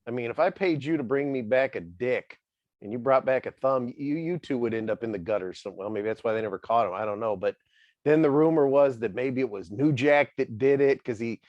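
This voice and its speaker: A man's voice: medium pitch, fairly quick, no echo, muffled recording. A man hosting a casual interview, trading wry, joking remarks about wrestling stories. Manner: wry, animated commentary. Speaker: podcast host.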